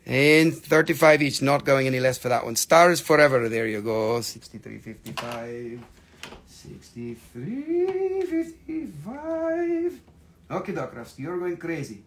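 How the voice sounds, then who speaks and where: A man running a live sales stream, joking, swearing and excitable, while he is losing his voice. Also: mid-range voice, moderate pace, hardly any pauses, a little hiss or hum.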